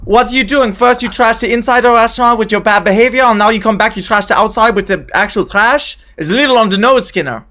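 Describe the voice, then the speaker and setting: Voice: mid-range voice, fast, hardly any pauses, bright, forceful tone, close to an everyday voice. A player voicing a tough young female cook with a put-on French accent, sarcastic and scolding.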